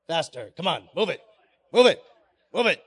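A man giving a playful live talk on stage, coaxing his audience through pirate-voice warm-ups. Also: on the high side, big pitch swings, normal speed, breathy edge. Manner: hammy pirate-voice delivery, coaxing the crowd. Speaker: conference speaker.

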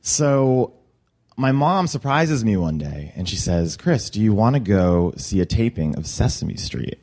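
A young man telling a personal story to a room, lively, with high squeaky voices for quotes. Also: measured pace. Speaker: storyteller at a workshop.

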